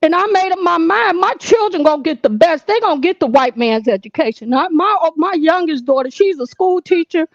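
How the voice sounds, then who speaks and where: A woman's voice: very high voice, expressive, a little fast, hardly any pauses, dry recording, muffled recording. Older woman, caller, earnest storytelling, repeats herself, dry close sound. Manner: earnest, emphatic, repetitive. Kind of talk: personal storytelling.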